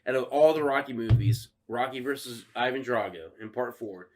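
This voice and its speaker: A man co-hosting a podcast, chatting casually and excitably, swearing and acting out scenes with sound effects. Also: mid-range voice, normal speed, slight background noise. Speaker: podcast co-host. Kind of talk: casual chat.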